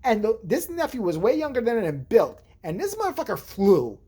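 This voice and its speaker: A woman's voice: fairly high pitch, wildly swooping pitch, brisk, dark tone, slightly rough. A woman vlogger telling a rambling, profane story in casual chat, acting out the people she quotes.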